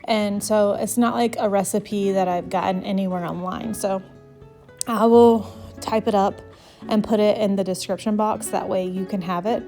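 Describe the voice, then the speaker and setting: Young woman, mid-range pitch, slightly breathless, rambling, chatty, many ums, faint music behind. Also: steady tone, normal speed, mellow. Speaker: vlogger, mother of six. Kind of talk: casual cooking voice-over.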